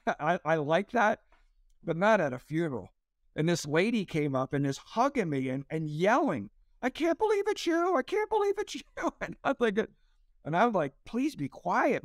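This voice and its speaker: A man in his sixties, a pastor and comedian, tells a story as an interview guest, raising his voice as he acts out the quotes. His voice is on the high side, captured in a dry, clean studio recording.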